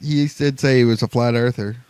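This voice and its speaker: A man's voice: mid-range voice, fairly even intonation, brisk, a little mellow, clear, resonant tone, no room sound. Dry-voiced male podcast co-host. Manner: dry, teasing banter. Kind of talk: casual chat.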